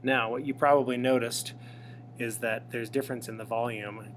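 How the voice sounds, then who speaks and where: A man giving a relaxed, step-by-step software tutorial, recorded on a tablet's built-in microphone. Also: mid-range voice, moderate pace, background noise. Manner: relaxed, step-by-step explaining with fillers. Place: indoors in front of a tablet. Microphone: iPad microphone.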